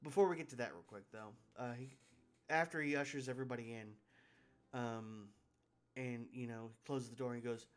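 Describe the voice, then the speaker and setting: A man's voice: medium pitch, fairly quick, clear, resonant tone. A man running a tabletop game on a live stream, talking casually with many fillers and restarts. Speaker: game master.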